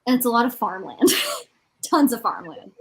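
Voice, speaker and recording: A woman's voice: fairly high pitch, expressive, normal speed. A woman from Canada with a light Ontario accent, chatting casually on a livestream and filling her talk with "like". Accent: Canadian, from Ontario near the Quebec border. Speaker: livestream co-host. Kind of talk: casual chat.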